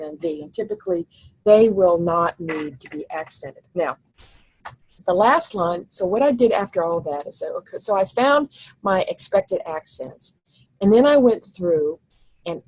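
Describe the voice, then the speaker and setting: A woman teacher giving a recorded slide lecture, explaining step by step and thinking aloud, slowing down when she reads lines of verse. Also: fairly low pitch, darkish tone, breathy edge, no room sound, low-quality recording.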